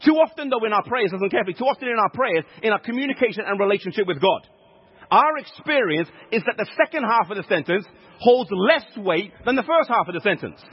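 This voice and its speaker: A man's voice: sits high, expressive, fast talker, slightly rough. A man preaching a sermon, teaching step by step, repeating key points with emphasis. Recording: echoey hall, dull lo-fi sound.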